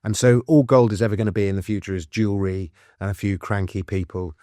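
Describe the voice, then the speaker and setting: A man, speaking as a guest author in a casual interview, chatty and explaining with quick restarts and asides. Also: lowish voice, fairly even intonation, dark tone, no room sound, clean studio sound. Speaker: author and financial commentator, guest.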